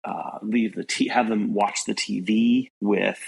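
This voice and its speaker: A man co-hosting a podcast, giving casual practical advice and listing options in a relaxed way. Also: on the low side, a little slow, slight background noise, poor audio. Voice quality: gravelly and husky.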